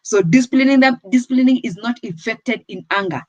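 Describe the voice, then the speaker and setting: A woman's voice: fairly high pitch, a little fast, no echo, lo-fi sound. A woman with a Kenyan accent giving firm parenting advice on a talk show. She switches between English and Swahili.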